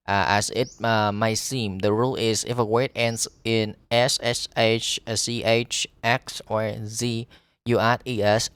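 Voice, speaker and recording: A man with a Vietnamese accent, a teacher reading an English lesson aloud, pausing often on fillers and restarts. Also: fairly low pitch, little pitch movement, fairly bright tone, smooth, dry recording.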